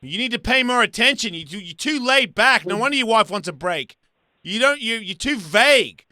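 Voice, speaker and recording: A man's voice: extremely high pitch, lively intonation, normal speed, bright, forceful tone, no room sound. A man hosting a call-in radio show, blunt, profane and needling his callers. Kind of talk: brash call-in radio banter. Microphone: studio microphone.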